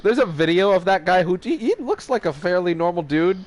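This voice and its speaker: A man's voice: high voice, animated, brisk. A man co-hosting a podcast who rambles, restarts his sentences, swears and laughs often. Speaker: podcast co-host. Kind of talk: casual chat.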